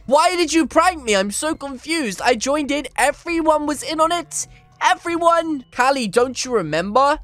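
A man hosting energetic gameplay commentary, excitable and reading chat aloud, with "flipping" in place of swear words. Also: very high-pitched. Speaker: gaming channel host.

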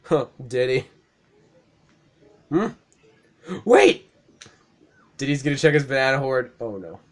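A man's voice: medium pitch, fast. A young man giving casual let's play commentary, swearing freely, laughing often and getting worked up at the screen. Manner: profane, excitable, laughs often.

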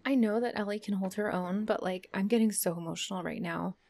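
Excitable woman gaming commentator. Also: medium pitch, a little fast. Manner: excitable, frequent exclamations and whispers. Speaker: gaming streamer. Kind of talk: let's play commentary.

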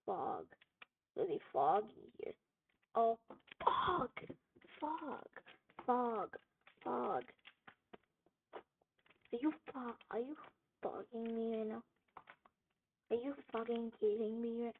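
A woman's voice: a little high, slow, pauses often. Frustrated, swearing gamer woman, tinny audio. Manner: frustrated, swears and yells at the game. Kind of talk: gameplay commentary. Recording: tinny phone-like audio with faint noise.

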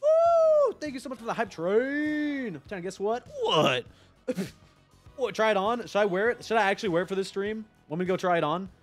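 A young man chatting on a live stream, rambling excitedly, swearing and talking to his chat. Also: sits high, a little fast, soft background music.

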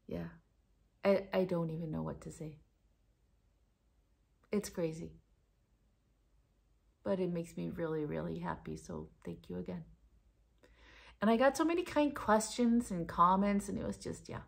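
A middle-aged Danish woman with a slight American tinge to her accent, rambling excitedly in a casual knitting vlog. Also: fairly low pitch, measured pace, vocal fry, long pauses, slightly rough. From Denmark. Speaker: knitting vlogger. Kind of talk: casual chat.

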